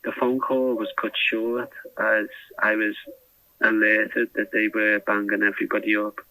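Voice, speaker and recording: A man's voice: on the low side, monotone, unhurried, sharp tone, dry recording. A man telling his diary down a prison phone, rambling and hesitant with restarts. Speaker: podcast diarist. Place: prison cell. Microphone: phone handset. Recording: phone line recording.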